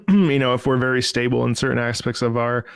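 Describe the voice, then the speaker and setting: A man hosting a casual interview, encouraging and quick to laugh. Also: mid-range voice, vocal fry, clear, resonant tone, no echo, studio quality. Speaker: interview host.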